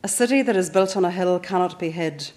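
A Northern Irish woman in her fifties reading her own reflective first-person essay in a measured way. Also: lowish voice, darkish tone. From Northern Ireland. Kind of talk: scripted first-person narration.

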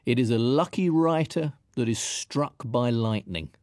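A man's voice: mid-range voice, darkish tone, dry recording. English guy narrating a radio piece, thoughtful and wry, very dry close mic. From England. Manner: reflective, measured, wry. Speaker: writer narrator.

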